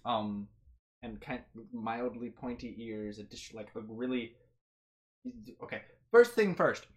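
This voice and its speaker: A woman's voice: a bass voice, animated, slow. A woman narrating as game master in a tabletop game, rambling with many ums and likes.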